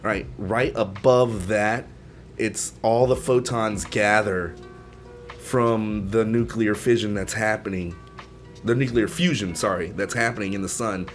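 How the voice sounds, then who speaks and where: Low-voiced man rambling through explanations. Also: fairly even intonation, measured pace, faint music behind. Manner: rambling explainer, many fillers. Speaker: podcast co-host. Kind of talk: casual chat.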